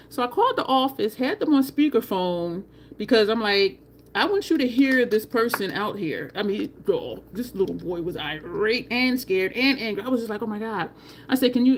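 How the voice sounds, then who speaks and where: A woman beauty vlogger, telling a story casually and expressively to her viewers, now and then swearing. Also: a little high.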